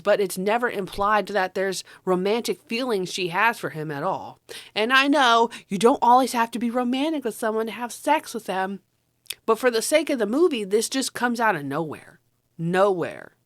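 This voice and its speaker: A woman's voice: fairly high pitch, expressive, moderate pace, dry recording, clean studio sound. A woman giving a casual spoken movie review, blunt and sarcastic, swearing freely.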